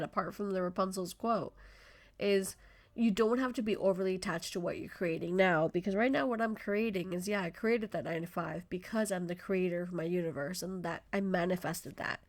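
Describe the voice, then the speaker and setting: Passionate, rambling woman podcaster. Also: lowish voice. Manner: effusive, passionate, rambling with self-interruptions. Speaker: podcast host. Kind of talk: motivational solo podcast talk.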